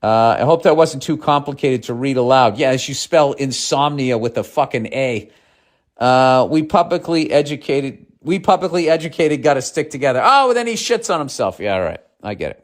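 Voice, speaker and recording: A man's voice: mid-range voice, lively intonation, a little fast. Swearing ranting guy on a podcast, sarcastic, talking to himself basically. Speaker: podcast host. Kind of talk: casual podcast monologue.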